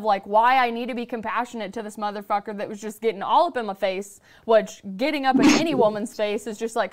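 Woman podcast host, smooth clear voice, higher pitch, swears a lot, animated storyteller. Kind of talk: casual podcast chat.

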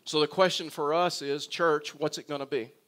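A man, a pastor, preaching a sermon in a conversational way that turns emphatic and animated. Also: on the high side, normal speed.

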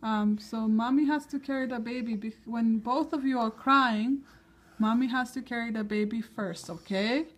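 A woman's voice: a little high, moderate pace. A young woman, a mother, talking casually to camera at home and soothing her toddler. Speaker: mother vlogging her kids. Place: home, indoors. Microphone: handheld camera.

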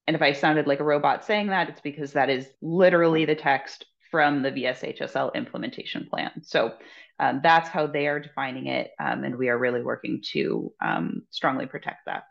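A woman's voice: sits low, fairly even intonation, brisk, vocal fry. A woman on an advocacy staff adding detail at a meeting, explaining casually with many ums and likes. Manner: casual, filler-heavy explaining. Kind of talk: meeting update. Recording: dull, lo-fi audio.

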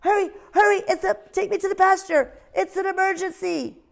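A woman voicing a lazy young male owl in a storybook read-aloud, yelling high and shrill. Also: fairly even intonation, brisk, gravelly. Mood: frantic.

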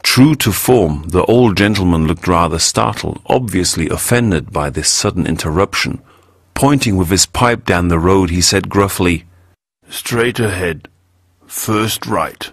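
A man narrating a story in a measured, clear way for English learners. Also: low voice, expressive, no room sound, clean studio sound.

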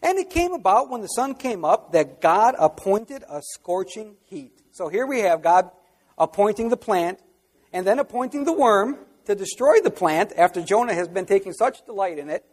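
A high-pitched man delivers a sermon from the pulpit. He moves between hushed asides and loud, fervent outbursts, and a long reverb trails his words through a large hall. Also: big pitch swings, normal speed. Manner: preaching with sudden loud outbursts. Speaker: pastor.

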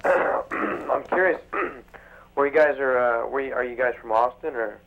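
A man's voice: mid-range voice, measured pace, gravelly, fairly bright tone. A man from San Antonio, phoning in to chat casually, talkative and crude. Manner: chatty, crude. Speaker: caller. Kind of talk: casual phone call. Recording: dull phone-line sound.

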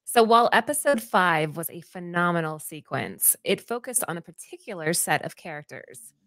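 A woman's voice: fairly low pitch, sing-song, normal speed, a bit bright, dry recording. A woman co-hosting a comic-book podcast, reading a prepared segment from notes and tripping over names. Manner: reads steadily from notes, stumbles on names. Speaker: podcast co-host.

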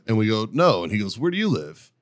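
A man's voice: fairly low pitch, fairly quick. A man co-hosting a podcast, telling a story in casual chat, swearing freely and breaking into laughs. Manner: profane, laughing, animated storytelling. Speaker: podcast co-host.

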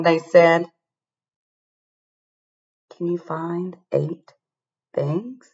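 Animated woman reading a picture book aloud. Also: medium pitch, takes it slowly, highs cut off. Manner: animated, asks the listener to find things. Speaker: storybook reader. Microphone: laptop webcam.

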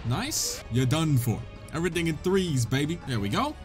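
A young man giving excitable, joking let's-play commentary, talking to the game, laughing and swearing as he plays. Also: fairly high pitch, normal speed. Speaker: gaming channel host. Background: game music.

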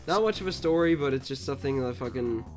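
A man's voice: medium pitch, expressive, quick pace, faint music behind. A young man co-hosting a gaming podcast, telling stories in a rambling way with lots of fillers and restarts. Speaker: podcast co-host. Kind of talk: casual let's-play chat.

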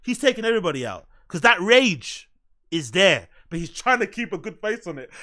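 A man talks fast over a clip he is reacting to, mocking and teasing with quick sarcastic riffs. His voice sits high and sounds bright and sharp. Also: very animated. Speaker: reaction commentator.

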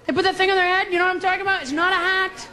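A woman's voice: extremely high pitch, steady tone, racing, sharp tone, some chatter behind. A woman doing a stand-up routine on a club stage, chatty and sarcastic. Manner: chatty, conversational, sarcastic asides. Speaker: stand-up comedian. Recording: noisy club recording with audience.

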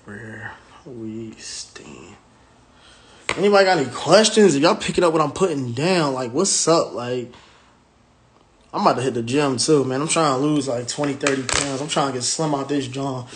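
A man's voice: mid-range voice, brisk. A man hosting a casual phone livestream, talking in a brash, profane and rambling way. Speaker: livestream host, rental car business owner.

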